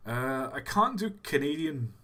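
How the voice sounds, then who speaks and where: A man's voice: mid-range voice, big pitch swings, measured pace, pushed and bright. A man hosting a casual live stream, chatting in a playful, self-deprecating and rambling way.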